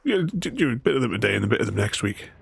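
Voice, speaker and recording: Gravelly-voiced male streamer; chuckly, rambling commentary while he plays. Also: lowish voice, sing-song, rapid-fire. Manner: rambling and chuckly, chatting with viewers. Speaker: gaming streamer. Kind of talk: casual live-stream commentary. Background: faint game music.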